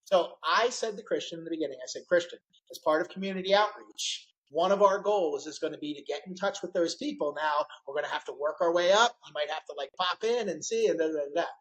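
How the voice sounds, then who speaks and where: Guy hosting a podcast, lively storyteller, does all the voices in his anecdotes. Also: a little high, fast talker, hardly any pauses, low-quality recording. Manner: animated storyteller, acts out quotes. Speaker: podcast host. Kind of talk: casual interview chat.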